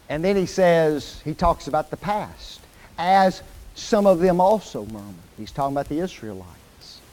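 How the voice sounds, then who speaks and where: Lively high-voiced preacher, man. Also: poor audio. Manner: lively call-and-response questions to the congregation; quotes scripture slowly and emphatically. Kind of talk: sermon. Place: church hall.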